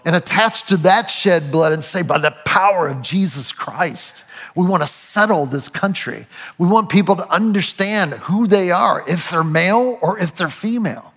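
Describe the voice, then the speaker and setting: A man preaching a sermon, earnest and halting, often restarting and quoting scripture aloud. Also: sits high, lively intonation, a bit bright, long reverb tail. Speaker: pastor.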